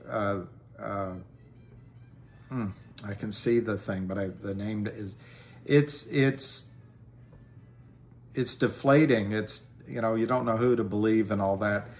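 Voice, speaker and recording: A man hosting a casual livestream, answering viewer comments in a slow, halting way with many ums and restarts. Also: medium pitch, fairly bright tone. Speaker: livestream host.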